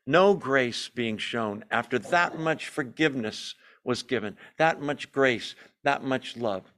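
A man leading an evening Bible study, teaching in an animated, emphatic way, asking his listeners questions and making self-deprecating asides. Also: mid-range voice, takes it slowly.

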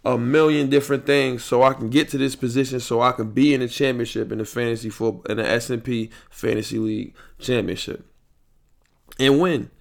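A man's voice: mid-range voice, fairly even intonation, fairly quick, gravelly. A young man hosting a solo podcast, ranting angrily with profanity and repetition, recorded late at night into a mic. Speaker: podcast host. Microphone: headphones and studio mic.

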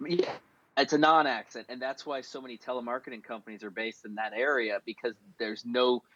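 A man's voice: medium pitch, fairly even intonation, brisk, pushed and bright, no echo. Rambling, playful man on a dull recording. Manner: rambling storyteller with many restarts, playful. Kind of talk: casual chat.

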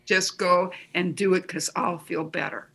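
A guest with a bright, crisp voice. They speak earnestly in a casual conversation, giving practical tips and acting out encouraging self-talk. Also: medium pitch, unhurried.

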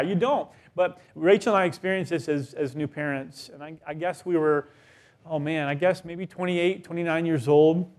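A man in his thirties, a pastor preaching a sermon, telling a story with lively voiced quotes. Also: fairly high pitch.

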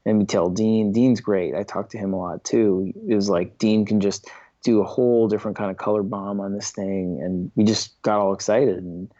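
A man telling stories as a podcast guest, rambling and animated with many restarts. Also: on the low side, moderate pace, no room sound, muffled recording. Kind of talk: casual storytelling in an interview.

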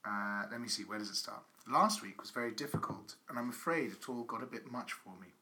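A man's voice: medium pitch, a little fast, sharp tone. A man hosting a comedy podcast, bantering with guests and reading a letter aloud in a mock-solemn tone. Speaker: podcast host.

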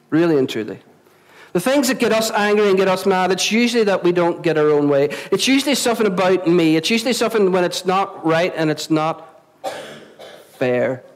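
A man's voice: high-pitched, low-quality recording. A Northern Irish man preaching a sermon as pastor, chatty, often questioning the congregation and repeating himself. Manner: conversational, asks the congregation questions, repeats words. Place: church venue before a congregation.

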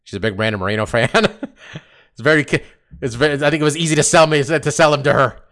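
A man's voice: mid-range voice, fairly bright tone. A man hosting a podcast, chatting casually about fights with lots of laughing and some swearing. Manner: laughing, swearing, quick banter. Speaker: podcast host.

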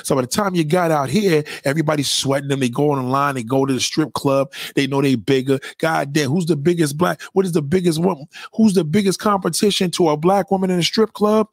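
A man's voice: fairly high pitch, brisk, hardly any pauses, no echo, studio quality. A man hosting a livestream, ranting in a crude, profane, emphatic and repetitive way. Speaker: livestream host. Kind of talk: unscripted livestream rant.

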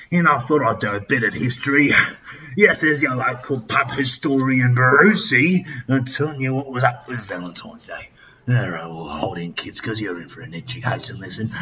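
A man's voice: mid-range voice, pushed and bright, far from the mic, highs cut off. A man voicing a crude, boastful older Australian pub bloke with an Australian accent, rambling and swearing through comic radio banter. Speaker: radio host. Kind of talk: comic radio character monologue.

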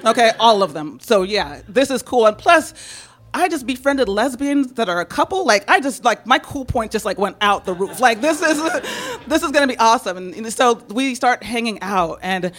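Animated woman telling a personal story. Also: on the high side, moderate pace. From San Francisco, United States. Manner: animated, laughing, acts out quoted voices.

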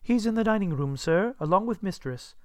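A man reading an audiobook voices a young housemaid who answers in polite, brisk replies. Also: sits high, expressive, a little mellow, dry recording, studio quality, pitched above the performer's own voice.

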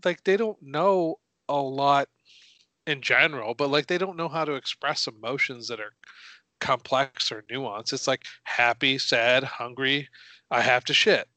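A man's voice: medium pitch, measured pace, bright, forceful tone, no room sound. A young man co-hosting a podcast over a video call, musing in a casual, playfully wry way. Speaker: podcast co-host. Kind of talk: casual chat.

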